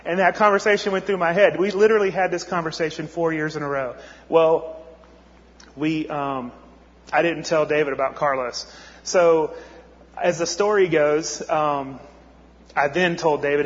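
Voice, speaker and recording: A man telling a story in a sermon, conversational and full of restarts. His voice sits a little high. The sound is muffled and rings with a long hall echo. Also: steady tone, moderate pace. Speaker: missionary speaker.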